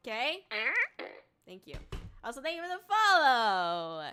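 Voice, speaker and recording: A young woman streaming, chatting casually with her viewers, laughing often and breaking into squealing shouts. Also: medium pitch, expressive, moderate pace. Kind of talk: casual livestream chat. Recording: faint music behind.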